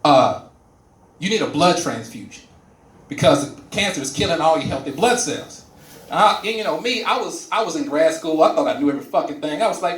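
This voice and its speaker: A man's voice: a little high, fairly quick. A man doing a stand-up comedy set, telling a story and acting out the characters in it. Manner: animated storytelling, acts out characters. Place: comedy club stage. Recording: roomy live venue mic from a distance.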